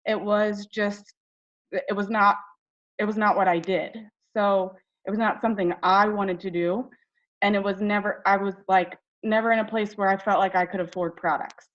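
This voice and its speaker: A woman's voice: medium pitch, fairly even intonation, normal speed, a bit bright, muffled recording. A woman from Ohio telling her personal story on a team call, chatty and emotional, with many fillers. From Ohio, United States. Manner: tearful, chatty, full of fillers. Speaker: direct sales team member.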